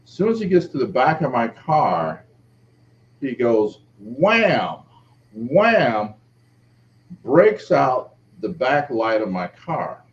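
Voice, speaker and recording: A middle-aged man, an author being interviewed, telling a personal story and acting out the quoted voices. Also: measured pace. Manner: lively, acts out quoted speech with shifting pitch. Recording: dull lo-fi audio with faint background noise.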